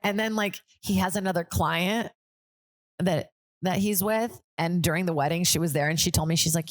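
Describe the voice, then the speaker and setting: Woman comedian hosting her podcast, loose rambling chat with lots of swearing, lower voice, dry close mic. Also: steady tone, normal speed, no echo. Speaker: podcast host. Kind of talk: casual comedic monologue.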